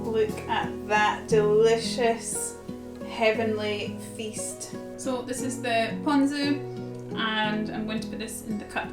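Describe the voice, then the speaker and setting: A woman's voice: medium pitch, echoey room. A young Scottish woman chatting casually while she cooks in a small narrowboat cabin, explaining each step as she goes. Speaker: vlogger. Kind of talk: casual vlog chat while cooking.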